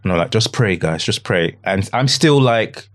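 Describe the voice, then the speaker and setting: Man, very deep voice, podcast guest, halting, repeats himself, hushed at times. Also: lively intonation. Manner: halting, repeats phrases, quotes his own words; often drops to a hushed, low voice. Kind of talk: emotional personal account.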